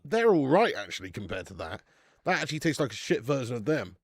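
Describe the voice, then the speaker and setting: Laddish football streamer. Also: male voice, mid-range voice, big pitch swings, quick pace. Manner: chatty and laddish, swears, calls viewers mate and lad; bursts out loud at match chances. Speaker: football watch-along streamer. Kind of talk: live match watch-along chat.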